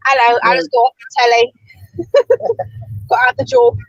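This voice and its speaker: A young person in a car putting on a poor, playful Australian accent, laughing between lines. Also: female voice, high voice, sing-song, slow, husky, dry recording, dull audio, full character voice. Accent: put-on Australian, self-admittedly poor. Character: chirpy Australian-ish bloke character, young adult.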